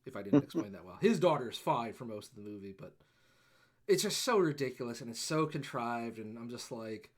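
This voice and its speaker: A man's voice: mid-range voice, brisk. A man co-hosting a casual movie podcast, ranting and swearing as he retells a plot and acts out lines. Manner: animated ranting, swears, acts out characters in quotes. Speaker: podcast co-host. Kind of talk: casual movie review chat.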